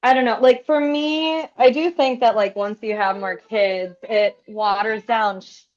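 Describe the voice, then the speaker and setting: A woman's voice: a little high, steady tone, unhurried, dull audio. A woman guest on a podcast, talking reflectively in casual conversation and searching for words.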